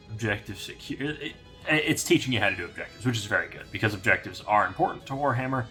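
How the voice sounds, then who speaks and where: A man's voice: on the low side, fast talker, faint music behind. A young man giving a casual, rambling unboxing review of a hobby magazine, with plenty of fillers. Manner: relaxed, rambling with many fillers.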